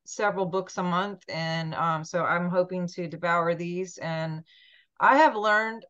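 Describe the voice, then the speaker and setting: A woman's voice: on the low side, a little slow, fairly bright tone. Gushing woman podcast host on a video call. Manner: chatty, gushing, many ums. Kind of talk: casual chat. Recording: dull lo-fi sound.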